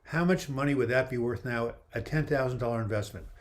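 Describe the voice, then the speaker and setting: A man with a medium-pitched voice talks a little fast while hosting a relaxed live video chat on webcam. Chatty and joking, he reads viewers' comments and answers their questions, though he's losing his voice.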